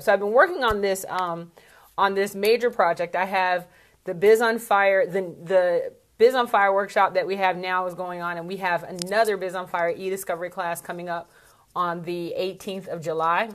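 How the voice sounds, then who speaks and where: A woman's voice: mid-range voice, fairly even intonation, normal speed. A woman speaking coach talking casually to camera in a vlog, chatty and candid, with plenty of asides.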